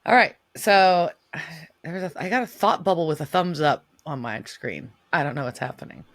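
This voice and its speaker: A woman co-hosts a podcast over a remote recording setup, casually recapping an episode, swearing, and acting out the characters' lines. Her low voice comes at a normal speed in a dry recording.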